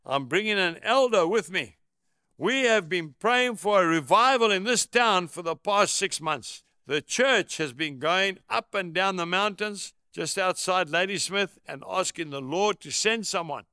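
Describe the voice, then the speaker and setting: A man's voice: high-pitched, a little slow, smooth, no echo, studio quality, exaggerated voice. A man reading as an eager, urgent pastor. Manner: urgent, excited. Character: eager male town pastor.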